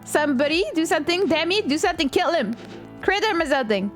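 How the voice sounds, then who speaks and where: Young woman streamer, high voice, giggly and excitable, light music underneath. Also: fairly quick. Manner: excitable, laughs often, shrieks at game moments. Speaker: live streamer. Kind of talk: casual chat while playing a game with viewers.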